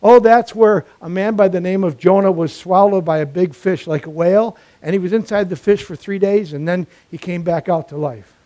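A man's voice: high-pitched, normal speed, hardly any pauses, mellow, lightly acted. A man voicing a little girl in a joke told during a sermon, speaking earnestly and matter-of-factly. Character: a small girl, sweet and sure of her faith.

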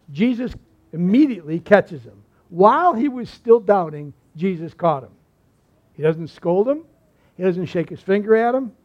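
This sermon comes through muffled and lo-fi, the highs dulled. The pastor, a man with a high voice, leans hard on important phrases, then lets his delivery fall to an almost whispered hush.

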